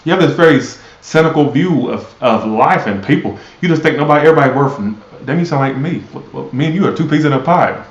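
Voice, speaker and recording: Blunt male tarot reader, sarcastic and profane, mid-pitched, roomy lo-fi sound. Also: expressive, fast talker, hardly any pauses. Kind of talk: live tarot reading.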